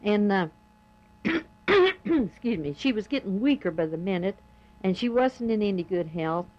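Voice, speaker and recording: A woman's voice: mid-range voice, lively intonation, lo-fi sound. Older woman telling family stories. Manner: plain, homespun storytelling with many pauses and "uh"s. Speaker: oral history narrator.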